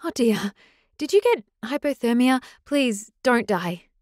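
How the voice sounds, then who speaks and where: A woman's voice: a little high, no echo, clean studio sound, pitched above the performer's own voice. A woman voicing an impulsive, chatty, clumsy young werewolf girl in an audiobook. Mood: excitable. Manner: rapid, excitable, apologetic. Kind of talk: audiobook character voice.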